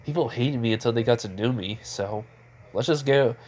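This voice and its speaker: Man reading as a young ninja hero, calm, plain everyday voice, fan story. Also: medium pitch, normal speed, lightly acted.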